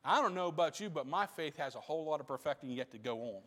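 A man's voice: fairly high pitch, lively intonation, fast, fairly bright tone. A man preaching a sermon as pastor, repeating phrases for emphasis and building in intensity. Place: church sanctuary. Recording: long hall reverb.

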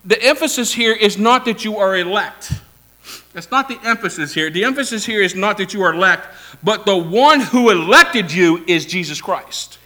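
Bright, high-voiced preaching man. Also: lively intonation, moderate pace. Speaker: pastor. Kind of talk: sermon.

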